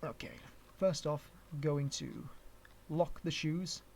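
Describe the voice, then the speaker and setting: A man with an English accent and a slightly higher voice talks through a live-stream tutorial. He rambles as he works, restarts sentences and chuckles at himself. His talk stays casual and unscripted. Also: steady tone, slow, darkish tone, slight background noise. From Canada. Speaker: streamer teaching 3D rigging.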